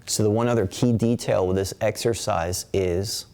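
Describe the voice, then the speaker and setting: A man with a fairly low voice leads a qigong class in a calm, steady way. He counts breaths aloud and asks his class rhetorical questions, recorded indoors on a webinar camera mic. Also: moderate pace, hardly any pauses, a little hiss or hum. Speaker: qigong teacher. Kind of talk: guided qigong instruction.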